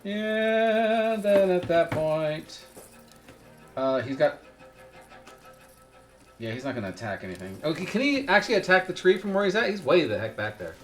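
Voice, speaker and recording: A man's voice: high-pitched, animated, normal speed, long pauses, soft background music. Guy player at d&d table, lots of ums, voice jumps up and down. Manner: hesitant, with many ums and uhs. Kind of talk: casual table talk.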